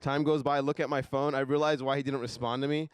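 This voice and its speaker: A young man doing a stand-up comedy set on a live stage, deadpan, dropping his voice low for asides. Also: fast, clean tone, dry recording, clean studio sound.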